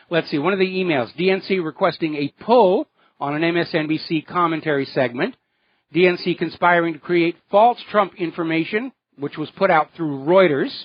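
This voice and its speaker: High-voiced indignant male radio host. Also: dry recording, dull audio. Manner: indignant, sarcastic. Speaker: radio talk show host. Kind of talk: political talk radio commentary.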